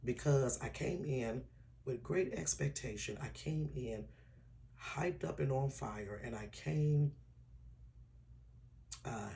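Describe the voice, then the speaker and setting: A man vlogging an update to his viewers in a casual, earnest way, with a tired, hoarse throat. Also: mid-range voice, animated, slow, long pauses, dark tone. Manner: earnest, personal and emotional, drops to a whisper at times. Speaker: YouTuber.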